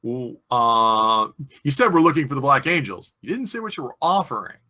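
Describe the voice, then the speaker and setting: Bright-voiced male game master. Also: mid-range voice, big pitch swings, moderate pace. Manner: explains rules with frequent fillers. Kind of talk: running a tabletop game.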